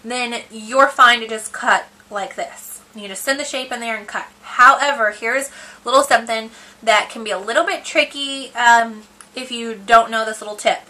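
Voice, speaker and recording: Showing how to make a paper box at home, this woman keeps her casual tutorial chatty, peppered with ums and likes and her own giggles. She talks at normal speed in a slightly high, bright, forceful voice. Audio quality is poor.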